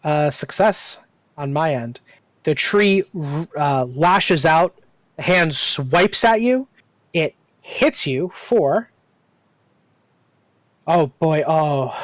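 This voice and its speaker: A man narrating as game master in a tabletop game, descriptive and unhurried, with many fillers. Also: on the high side, animated, no echo.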